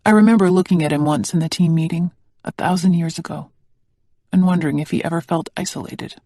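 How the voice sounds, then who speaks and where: Even-toned audiobook narrator, dry sound. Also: medium pitch, brisk, no echo. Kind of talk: scripted first-person narration.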